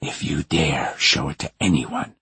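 A cornered, smug man threatening in a low, harsh voice through clenched teeth, as a male narrator puts him on. The voice is husky and dark. It sounds close and dry. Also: unhurried, no echo, heavily acted. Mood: menacing. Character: cornered middle-aged man, menacing and smug. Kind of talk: audiobook character voice.

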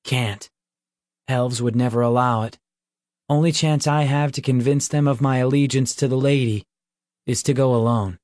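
A man's voice: medium pitch, steady tone, normal speed, a little mellow, dry recording, clean studio sound, close to an everyday voice. A man voicing a brash, defiant wild boy. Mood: determined. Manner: brash, stubborn.

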